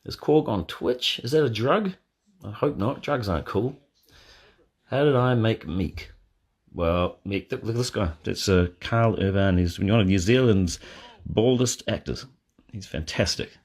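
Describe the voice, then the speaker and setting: Deadpan man in low-key commentary. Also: a little slow, breathy edge. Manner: deadpan, jokey, answering chat questions. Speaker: film director hosting a watch party. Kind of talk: casual live commentary. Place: in bed at home. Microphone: phone.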